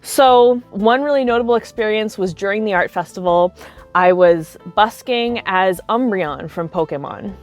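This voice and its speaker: A young woman chats to camera, spinning casual anecdotes in an easygoing, rambling way. Her voice sits at an ordinary middle pitch, and she scatters likes and you-knows through every sentence. Soft music plays faintly underneath. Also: normal speed. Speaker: cosplay video creator.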